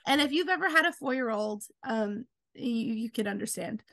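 A woman author telling stories in a casual chat, animated and acting out quoted lines. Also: normal speed, vocal fry, no echo. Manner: animated, acts out quotes with big pitch jumps. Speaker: author guest.

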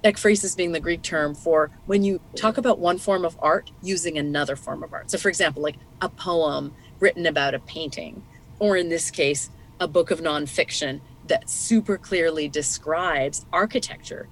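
A woman's voice: low-pitched, normal speed, a little hiss or hum. Thoughtful woman explaining books. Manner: thoughtful, explanatory, laughs easily. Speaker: podcast co-host. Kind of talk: casual book discussion.

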